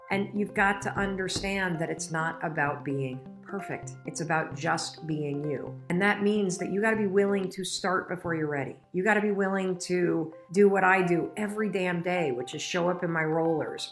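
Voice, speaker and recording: A middle-aged woman giving a motivational talk, telling personal stories in a candid, emotional way. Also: low voice. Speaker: motivational speaker.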